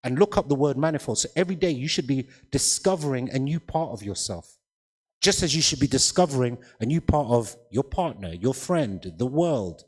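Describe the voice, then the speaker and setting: A man's voice: mid-range voice, expressive, normal speed, husky. A man speaking on a festival panel, emphatic, often repeating words and checking whether the audience follows. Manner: emphatic, repeats words, asks "does that make sense?". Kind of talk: panel discussion talk. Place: festival hall. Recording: long hall reverb.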